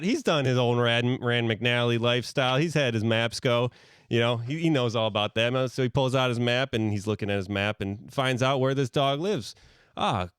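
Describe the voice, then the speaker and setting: A man's voice: medium pitch, clean tone, no room sound, studio quality. A man co-hosting a podcast who spins an improvised comic story in a rambling, playful way, with plenty of fillers. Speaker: podcast co-host.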